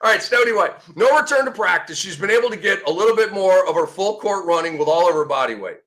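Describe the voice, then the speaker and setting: A man in his fifties hosting a sports show, talking in a sarcastic, excitable way and breaking into mock shouts. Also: sits high, fast talker. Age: 50s. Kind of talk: animated sports commentary.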